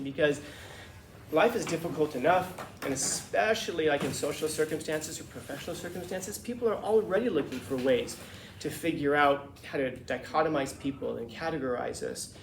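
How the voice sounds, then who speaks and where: A man's voice: fairly high pitch, reverberant, background noise. A male teacher lecturing his class in a conversational, emphatic way, acting out the voices of people he quotes. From Los Angeles.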